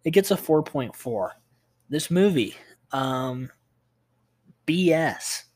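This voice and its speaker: A man's voice: fairly high pitch, expressive, slow pace, a little mellow. A young man co-hosting a casual podcast, laid-back and chuckling, with sarcastic asides. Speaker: podcast co-host. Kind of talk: casual chat.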